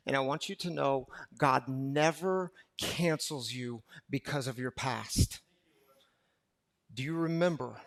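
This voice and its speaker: A man preaching a sermon to a recovery gathering, impassioned and repetitive, swinging from loud to hushed. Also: on the high side. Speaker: pastor.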